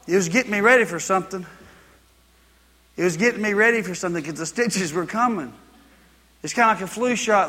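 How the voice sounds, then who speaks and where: A man preaches in a high, bright voice. His sermon moves from folksy anecdote to rhythmic, repeated exhortation. The sound carries the long reverb of a church hall. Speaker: pastor. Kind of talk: sermon with personal story.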